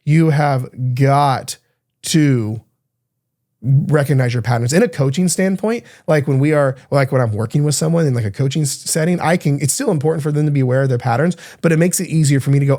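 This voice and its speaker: A man in his thirties, a podcast host and coach, talking solo in a casual, energetic, chatty way. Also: medium pitch, brisk. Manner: energetic, talkative, casual swearing.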